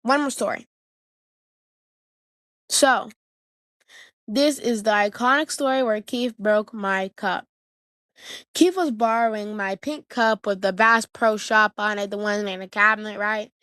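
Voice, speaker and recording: A woman's voice: medium pitch, measured pace, fairly bright tone, dry recording, clean studio sound. A woman vlogger casually telling family stories, chatty and slangy, often circling back to her point. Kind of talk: casual storytelling to camera.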